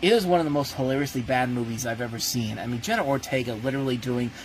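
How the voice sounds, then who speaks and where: A man's voice: mid-range voice, fast talker, rough recording. Man, movie review host, casual spoken review, blunt, ranting, restarts sentences, faint background noise.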